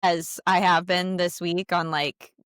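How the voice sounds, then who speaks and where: A woman in her thirties, a podcast co-host, chatting candidly about parenting and sometimes quoting her son in a soft, small voice. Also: fairly low pitch, little pitch movement, measured pace, smooth, dry recording, clean studio sound. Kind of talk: casual chat.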